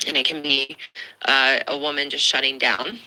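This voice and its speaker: A woman's voice: rumbling low, little pitch movement, normal speed, sharp tone, poor audio. A woman giving relationship advice in an earnest, explanatory lecturing tone.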